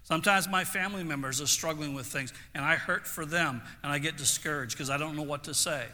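A man's voice: fairly high pitch, brisk, pushed and bright. A man preaching a sermon as pastor, earnest and stopping to restart his phrases. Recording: long hall reverb.

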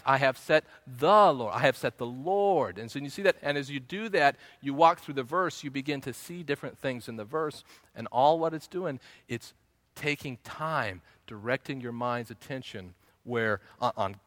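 A man preaching with a bright, forceful tone, earnest and teacherly, circling back to repeat his key phrases. His voice is close and dry with no room around it. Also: medium pitch, no room sound. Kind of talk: sermon teaching.

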